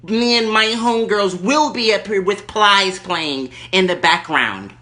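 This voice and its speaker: A man voicing an angry, entitled middle-aged woman on a prank phone call, loud and crude, talking over the other person. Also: high-pitched, expressive, unhurried, full character voice. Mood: indignant.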